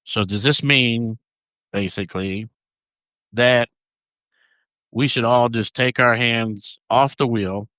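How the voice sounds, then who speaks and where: A man's voice: mid-range voice, slow, long pauses, pushed and bright, no echo. A man co-hosting a podcast, chatting casually and reading notes aloud, stumbling over names. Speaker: podcast co-host.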